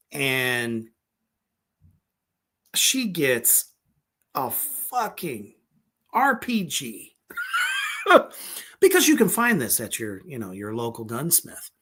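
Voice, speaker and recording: A male horror review host who talks in an unhurried drawl and swears freely. He rambles, piles on fillers and breaks into laughter as he gushes over the films. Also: medium pitch. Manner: profane, excitable, rambling with many fillers; laughs often. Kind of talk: casual film review.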